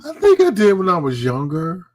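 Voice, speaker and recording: A man in his fifties co-hosting a casual comedic chat show, animated and swearing freely. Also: sits high, moderate pace. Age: 50s. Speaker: co-host.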